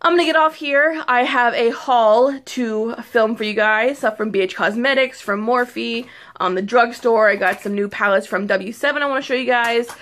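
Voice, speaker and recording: Excitable young woman vlogger, a bit high. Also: moderate pace. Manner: excitable, rambling, with many fillers and restarts. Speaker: beauty vlogger. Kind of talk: casual chat to camera. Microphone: phone or camera mic.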